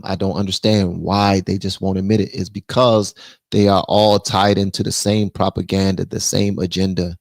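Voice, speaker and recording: A man hosting a casual political live stream, blunt and animated, reading viewer messages aloud. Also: on the low side, creaky, no room sound. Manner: blunt, animated, reads super chats aloud.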